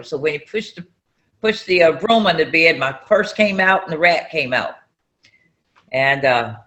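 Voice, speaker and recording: A woman from North Carolina, telling a personal story in an interview and acting out the dialogue with loud outbursts. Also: lowish voice. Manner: acts out dialogue with sudden loud raised outbursts. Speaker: interview guest, entrepreneur.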